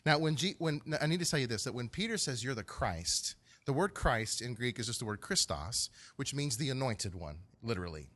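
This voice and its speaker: A man preaching a sermon in an animated way, often acting out quotes in playful voices. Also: mid-range voice, fairly quick, few pauses. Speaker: pastor.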